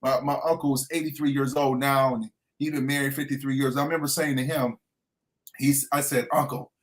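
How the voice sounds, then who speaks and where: A man's voice: mid-range voice, flat delivery, a little fast. A middle-aged man, a transformation coach, talking earnestly in an inspirational interview and repeating his key phrases like a preacher.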